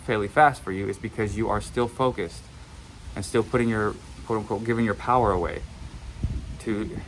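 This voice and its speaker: Low-voiced man coaching bluntly. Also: a little hiss or hum, rough recording. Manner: blunt, repetitive, swears casually. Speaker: manifestation coach. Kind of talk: casual motivational monologue.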